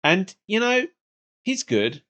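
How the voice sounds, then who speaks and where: A man's voice: high-pitched, big pitch swings, takes it slowly, fairly bright tone. A man co-hosting a podcast, chatting casually about an old cartoon and laughing often. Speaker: podcast co-host. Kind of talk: casual chat reviewing a cartoon.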